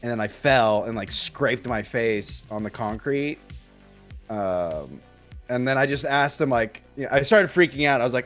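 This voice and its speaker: A man's voice: mid-range voice, normal speed, a bit bright, soft background music. A young man casually telling a childhood story on a podcast, rambling with many fillers and restarts. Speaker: podcast co-host.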